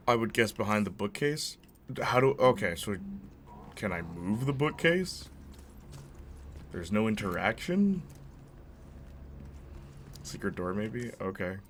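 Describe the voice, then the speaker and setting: As he plays, a young gaming-channel host rambles casually and spins stories in a fairly low, slightly bright voice. There's some slight background noise.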